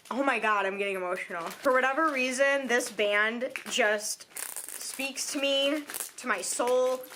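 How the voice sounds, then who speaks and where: A woman vlogging casually at home while opening presents, gushing and chatty with lots of "like" and "oh my God". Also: fairly high pitch. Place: at home on Christmas morning. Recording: clear background noise and crinkling wrapping paper.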